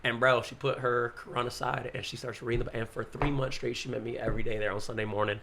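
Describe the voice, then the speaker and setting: A man, a pastor, telling a story in casual podcast chat, animated, acting out the quotes and saying "bro" often. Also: mid-range voice, fast, gravelly, noisy background.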